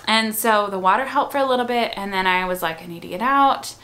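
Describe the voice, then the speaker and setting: A woman's voice: medium pitch, brisk, hardly any pauses, bright, forceful tone. A young woman casually telling the story of a long, hard labor, chatty and frank, with many fillers and restarts. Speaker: mother telling her birth story.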